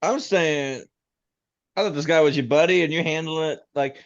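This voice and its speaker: A man's voice: on the high side, moderate pace. Joking man arguing over a dull call line. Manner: joking, argumentative, laughs often. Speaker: player. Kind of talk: casual tabletop game banter.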